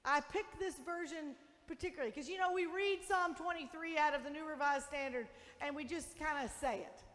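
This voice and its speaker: Woman preacher, high voice, goes from booming to hushed, big reverby church. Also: a little fast. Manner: emphatic, dramatic shifts between loud declarations and soft intimate lines. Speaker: pastor. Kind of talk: sermon. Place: church sanctuary.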